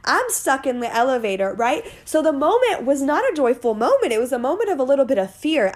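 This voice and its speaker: A woman, hosting a casual motivational podcast in a chatty, playful way. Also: high voice. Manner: animated, chatty, playful with swearing and asides. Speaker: podcast host.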